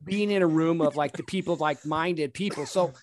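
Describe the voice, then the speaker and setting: A man chatting casually on his podcast, friendly and quick to back the other speaker with short agreements. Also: fairly high pitch.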